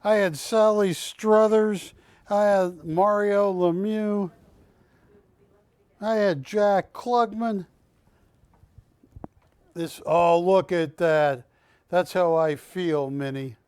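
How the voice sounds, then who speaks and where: A man's voice: high voice, steady tone, extremely slow, pauses often, a little mellow, clean tone, no room sound. A man hosting a live shopping-channel auction, bantering and calling out bids in a studio. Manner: jokey, chatty, calls bids and counts them down. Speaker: auction host.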